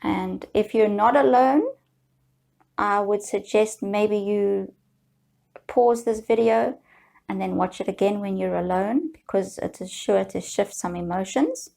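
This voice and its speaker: A woman guiding viewers through a slow, soothing tapping session, leading them in repeated affirmations. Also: mid-range voice, vocal fry, darkish tone. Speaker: EFT tapping guide.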